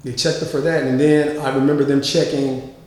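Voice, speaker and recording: Man telling a story in an echoey room. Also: a little fast. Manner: animated, acts out quotes with higher pitch; drawls, frequent uh fillers and repeats. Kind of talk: casual storytelling. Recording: very echoey room with long reverb.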